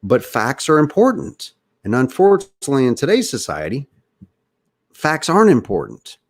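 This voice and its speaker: A man's voice: mid-range voice, wildly swooping pitch, normal speed. A man hosting a podcast, with a slight Southern US accent, giving earnest, opinionated political talk and speaking straight to his listeners. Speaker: podcast host.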